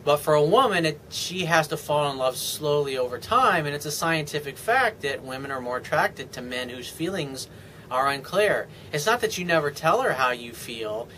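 A man's voice: a little high, animated, normal speed, bright, forceful tone, a little hiss or hum, rough recording. A man giving casual dating advice as a coach, talking confidently and acting out sample lines of dialogue.

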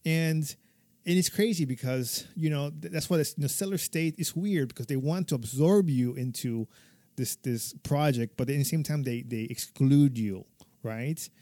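A man chatting casually, his stories rambling and laced with profanity and frequent laughter. His voice sits a little high but sounds mellow and soft-edged. It is close and dry, with no room sound. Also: normal speed, no echo. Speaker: podcast guest or co-host, military veteran. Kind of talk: casual conversation, personal stories.

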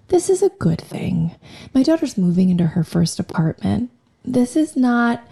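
A woman in her forties talks openly on her own podcast, with a heavily gravelly, fry-laden voice that is hoarse and cracking from recent laryngitis. Her tone is dark and mellow, and she speaks with raw emotion and casual swearing. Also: lowish voice. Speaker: podcast host. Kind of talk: candid personal monologue.

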